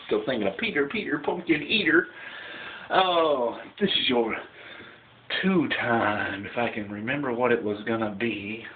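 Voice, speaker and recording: A man's voice: medium pitch, measured pace. Rambling man telling jokes on a tinny line. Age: 30s. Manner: rambling, chuckling. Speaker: comedy vlogger. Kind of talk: casual joke telling. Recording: tinny phone-like sound with faint hiss.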